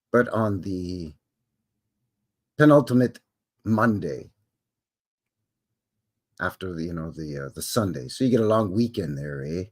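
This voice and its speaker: A Canadian man hosting a live stream, casually chatting and reading aloud with rambling, jokey asides. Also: on the low side.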